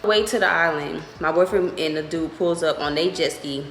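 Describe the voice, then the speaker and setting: A young woman vlogger telling a story in a casual, animated, profane way. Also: deep voice, normal speed, slight background noise. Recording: echoey room with faint music.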